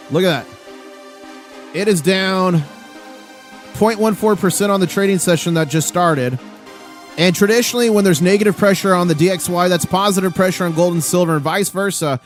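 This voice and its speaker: A man's voice: sits high, normal speed, soft background music. A man hosting a live stream, calling out gold and silver prices in a hyped, auctioneer-like rush. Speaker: livestream host. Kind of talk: live market commentary.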